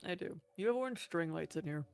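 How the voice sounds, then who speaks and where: A woman chatting casually while playing on a roleplay server, blunt and quick to swear. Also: fairly low pitch, lively intonation, vocal fry, a little mellow. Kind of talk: casual gaming chat.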